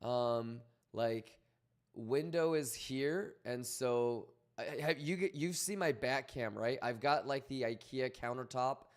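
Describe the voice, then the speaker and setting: A man's voice: mid-range voice, takes it slowly. Rambling, swearing male livestreamer. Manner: loose, rambling, profane, reads out chat messages. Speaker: crypto trading livestreamer. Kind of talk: casual live stream chat.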